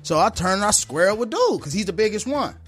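A barber telling a story in casual chat, animated, acting out the people in it, slangy and profane. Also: male voice, sits high, fast, soft background music. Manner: animated, acts out voices in his story; slangy, profane street talk.

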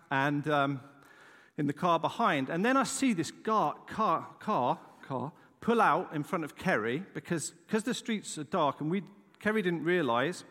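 A man's voice: fairly high pitch, a bit bright. A middle-aged male pastor telling a story in a sermon, chatty and self-deprecating. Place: church. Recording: long reverb of a church hall.

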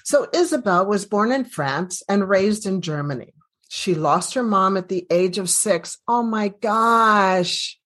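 A woman's voice: medium pitch, lively intonation, a little slow, fairly bright tone. A middle-aged woman hosting a casual interview, chatty and laughing often. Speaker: podcast host, medical doctor.

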